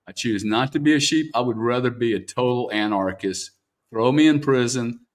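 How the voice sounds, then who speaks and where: A man interviews a guest in a candid, unpolished way. He is blunt and swears freely, and he keeps tagging "man" onto his sentences. His voice sits at a middle pitch. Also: normal speed.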